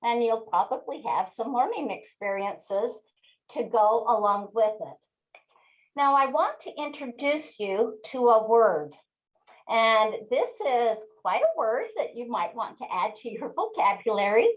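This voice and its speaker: Slow-paced woman in her sixties, storytelling. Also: a little high, muffled recording. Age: 60s. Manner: slow, expressive storyteller who addresses the audience directly. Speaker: webinar speaker. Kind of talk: storytelling talk.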